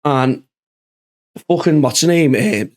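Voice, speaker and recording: A man's voice: fairly high pitch, takes it slowly, darkish tone. A man, hosting a podcast in casual chat and telling a rowdy workplace story full of swearing and acted-out quotes. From Liverpool, England. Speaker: podcast host.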